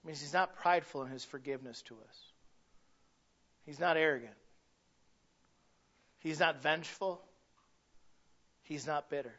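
A man's voice: on the high side, normal speed, pauses often, a bit bright, dull audio. A man preaching a sermon in a conversational way, asking the congregation questions and acting out little quoted voices. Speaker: pastor.

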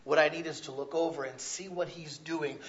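A man delivers a sermon in a loud, conversational way, tossing in quick asides to his listeners. His voice sits a little high for a man. The recording is dull and lo-fi. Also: steady tone. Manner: loud, conversational preaching with frequent "right?" asides. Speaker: pastor.

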